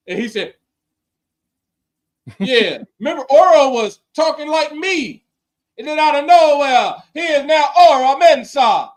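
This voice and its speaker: A man co-hosting a wrestling podcast, talking in animated, slangy banter and laughing often. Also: extremely high pitch, moderate pace. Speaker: podcast co-host. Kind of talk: casual wrestling chat.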